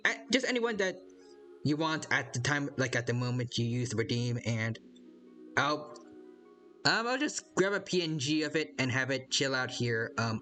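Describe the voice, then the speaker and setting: A man with a slightly high, somewhat bright voice chats casually on a live stream while playing a game. Rambling and hesitant, he reads viewers' chat aloud and greets them by name.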